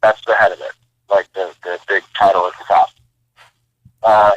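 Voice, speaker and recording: A man's voice: sits low, level tone, normal speed, long pauses, no echo, rough recording. A man, a military veteran guest on a podcast, giving blunt, punchy motivational talk. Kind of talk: motivational conversation.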